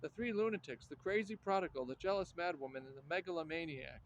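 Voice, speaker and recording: A man's voice: a little high, fast, slight background noise, close to an everyday voice, poor audio. A man playing a sneering gossipy nobleman. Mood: scornful. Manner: scornful, sneering. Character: sneering gossipy older nobleman, scornful busybody. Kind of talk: radio play acting.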